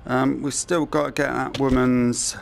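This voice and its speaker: Slow, gravelly man playing a game. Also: medium pitch, flat delivery, background noise. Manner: thinking aloud, muttering to himself. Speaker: gamer. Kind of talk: let's-play commentary.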